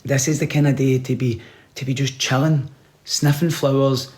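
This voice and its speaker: A man giving rambling, deadpan comic advice, sometimes dropping to a whisper. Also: medium pitch, normal speed. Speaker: comedian. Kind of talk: comic monologue.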